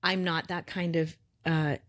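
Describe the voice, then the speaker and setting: Woman, middle-aged, lowish voice, podcast co-host, casual chat, animated storyteller, quotes people, swears casually. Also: measured pace. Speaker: podcast co-host and energy worker. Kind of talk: casual conversation.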